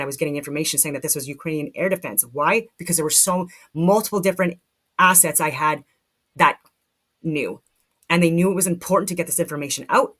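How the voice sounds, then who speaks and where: Animated, swearing woman commentator. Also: low-pitched. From Canada. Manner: animated, swears freely, frequent restarts. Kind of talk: casual spoken commentary.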